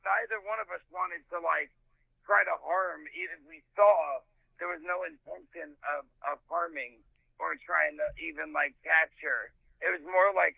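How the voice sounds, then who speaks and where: Man, guest, high pitch, rambling, dry phone-like line. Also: fairly even intonation, gravelly, slightly rough, no echo. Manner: rambling, halting. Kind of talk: casual interview answer.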